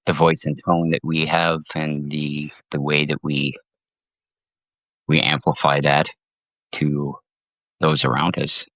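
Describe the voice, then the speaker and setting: Very deep-voiced man, easygoing guest. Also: level tone, slow pace, long pauses, fairly bright tone, no room sound. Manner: agreeable, chuckles often, restarts phrases. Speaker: podcast guest. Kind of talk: casual interview chat.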